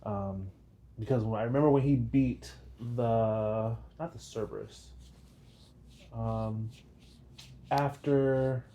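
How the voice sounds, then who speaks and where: Mellow-voiced man, reaction host, rambling and jokey. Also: steady tone, takes it slowly, pauses often. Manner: jokey, rambling, laughs in high bursts. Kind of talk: casual chat.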